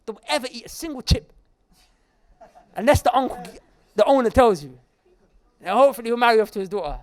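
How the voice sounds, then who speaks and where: Animated preacher with a lively voice. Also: male voice, extremely high pitch, fast. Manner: animated, joking and addressing the crowd directly. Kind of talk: lively sermon to a live audience. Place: Islamic centre hall.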